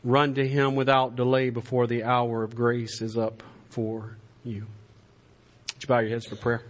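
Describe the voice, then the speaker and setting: A man preaching a sermon in a church, swinging from impassioned raised-voice exhortation to soft, pleading appeals. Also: medium pitch, completely flat delivery, moderate pace. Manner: impassioned preaching, shouting at climaxes then dropping to a soft plea. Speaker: pastor. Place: church sanctuary.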